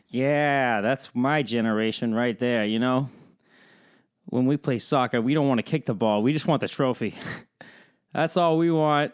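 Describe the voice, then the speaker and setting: A young man hosting his own podcast in a casual, rambling, joking solo chat that swings up and down in pitch. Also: normal speed, clear, resonant tone. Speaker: podcast host.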